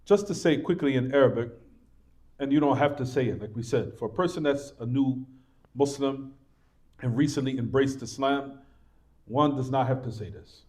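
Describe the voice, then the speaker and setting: A man's voice: medium pitch, normal speed, darkish tone. A man teaching a religious class in a mosque, repeating points, reassuring his students and asking them rhetorical questions. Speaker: Islamic teacher.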